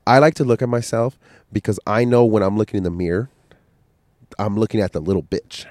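A man with a lowish voice, fighting a cold with a stuffy nose and coughs, rambles bluntly and swears freely as he hosts a solo podcast. The sound is dry and close, with no room around it. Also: brisk, a little mellow, no echo. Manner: profane, blunt motivational rambling. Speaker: podcast host. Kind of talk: casual solo podcast monologue.

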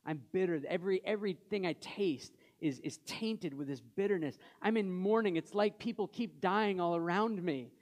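With a voice that sits high, a male pastor preaches in a conversational style. He poses questions to the congregation and quiets down for scripture readings.

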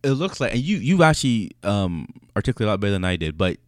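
A man of Jamaican descent co-hosting a podcast in casual chat, animated, often repeating and restarting phrases. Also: lowish voice, quick pace, no room sound, studio quality. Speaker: podcast co-host.

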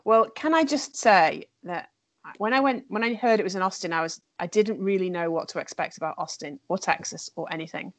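Her voice sits on the low side and moves a little quickly as this French teacher chats eagerly, peppering her speech with fillers and false starts. It's a relaxed, casual conversation captured without any room sound.

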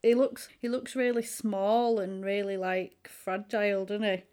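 Brief: chatty woman co-host, animated storyteller, mid-pitched. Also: unhurried, clear, resonant tone. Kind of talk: casual film discussion.

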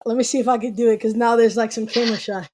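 A woman's voice: on the high side, fairly even intonation, racing, warm tone. Playful woman hosting a movie quiz. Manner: playful, teasing, counts down quotes. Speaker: game host. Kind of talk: casual game chat.

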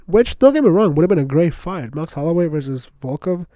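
Chatty young man with a dark voice. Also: on the high side, moderate pace, no echo. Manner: excited rambling slangy chatter, lots of "bro" and "like". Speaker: podcast host. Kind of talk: casual solo podcast talk.

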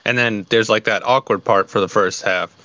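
A man's voice: lowish voice, fairly even intonation, moderate pace, sharp tone, no echo, muffled recording. A young man co-hosting a podcast, laughing along and agreeing in casual chat. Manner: laughing along, agreeable, swears when venting. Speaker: podcast co-host.

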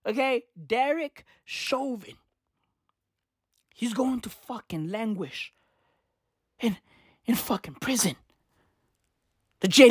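A woman giving excitable, profane reaction commentary, repeating slang fillers. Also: a little high, slow pace, long pauses, breathy edge, dry recording, clean studio sound.

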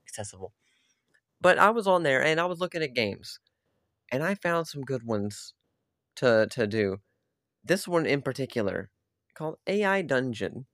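A young man talks loosely through a solo podcast episode, circling his point with fillers and restarts. His voice sits at an ordinary middle pitch. The sound is dry and close, with no room in it. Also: no room sound. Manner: rambling, full of "like" and restarts. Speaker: podcast host. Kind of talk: casual solo podcast chat.

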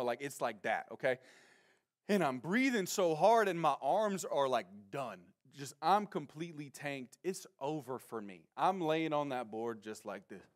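A young man preaching a sermon, telling a story with lively slang, acting out quotes and shouting them out at times. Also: fairly high pitch. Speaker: pastor.

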